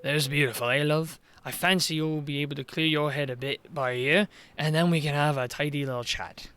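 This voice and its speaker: A man's voice: fairly high pitch, fairly even intonation, fairly quick, sharp tone, smooth, pitched below the performer's own voice. A man voicing a scheming middle-aged male village mayor in a video game, coaxing and wheedling with a put-on Welsh-style lilt. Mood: coaxing, sly.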